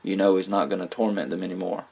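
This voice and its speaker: A man's voice: sits low, steady tone, fast talker, creaky, a little mellow, slightly rough. A man giving a casual spoken movie review, rambling with fillers, restarts and small laughs. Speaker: film reviewer.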